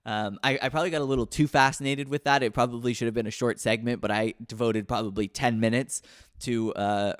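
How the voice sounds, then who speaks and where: A man's voice: mid-range voice, smooth, no echo, clean studio sound. A man hosting a casual podcast chat, rambling and self-deprecating, with lots of fillers. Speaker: podcast host. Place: Berlin.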